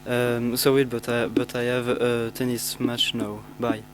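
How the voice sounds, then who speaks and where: A teenage boy introduces himself to pen pals, halting with many restarts and fillers. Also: mid-range voice, flat delivery, slight background noise, poor audio. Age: teens. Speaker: student.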